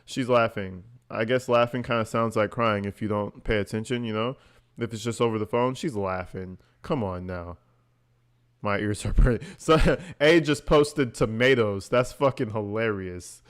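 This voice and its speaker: A man's voice: fairly low pitch, moderate pace, clear, resonant tone. A man giving blunt, profane reaction commentary, mocking what he hears and laughing often. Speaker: online commentator reacting to recordings.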